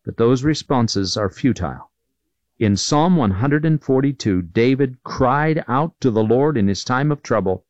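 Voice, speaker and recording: A man's voice: medium pitch, lively intonation, a little slow, a little mellow, no room sound, lo-fi sound. A man preaching a sermon, reading scripture and telling an illustration with earnest emphasis.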